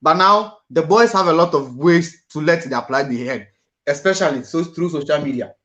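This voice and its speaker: A man's voice: fairly high pitch, moderate pace, bright, forceful tone. Male host, earnest, repeats and restarts words, muffled lo-fi sound. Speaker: boxing show host. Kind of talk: panel discussion on boxing.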